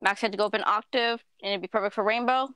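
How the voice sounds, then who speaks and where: A woman's voice: medium pitch, fairly even intonation, quick pace, pushed and bright, smooth, no room sound, studio quality. A young woman on a podcast, chatting casually about voice acting, peppering her talk with "like" and laughing easily. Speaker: voice actor.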